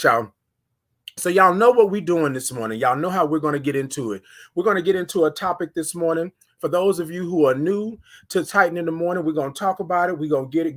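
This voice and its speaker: A man's voice: fairly high pitch, fairly bright tone. Coaxing man hosting a morning live stream. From Houston, Texas. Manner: repetitive, coaxing call-outs to viewers. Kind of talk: casual live stream chat.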